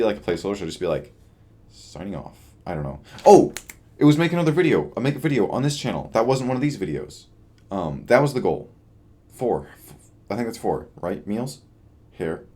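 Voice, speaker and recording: A man's voice: sits low, darkish tone. A young man in his twenties talking through a casual video diary, tired and rambling, trailing off and joking at his own expense. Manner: rambling, self-deprecating, trails off. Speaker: vlogger.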